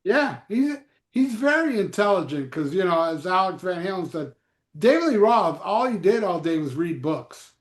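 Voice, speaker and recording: A man chatting casually as a podcast host, telling animated stories and swearing freely. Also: sits high, moderate pace, reverberant. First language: Spanish. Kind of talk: casual chat.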